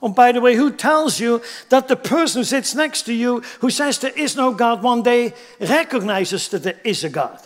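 Male pastor, higher register, emphatic sermon delivery with rhetorical questions, reverberant sanctuary. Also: expressive, moderate pace, few pauses. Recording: long hall reverb.

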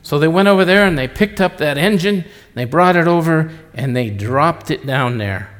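Speaking at normal speed in a fairly high, animated, slightly bright voice, a middle-aged pastor gives a humorous sermon. He rambles chattily and repeatedly interrupts himself, and the echoey church hall carries the sound.

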